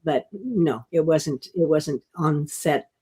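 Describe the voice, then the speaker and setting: An older actress telling stories in an interview, gentle and self-deprecating, often restarting and laughing softly. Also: female voice, low-pitched, slow, husky. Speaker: guest actress. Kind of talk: casual interview storytelling.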